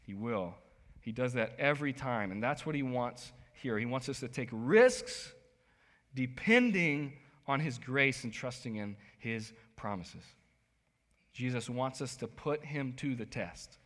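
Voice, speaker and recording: A man preaching a sermon as pastor, animated, swinging between soft asides and sudden loud bursts. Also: mid-range voice, unhurried. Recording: long hall reverb.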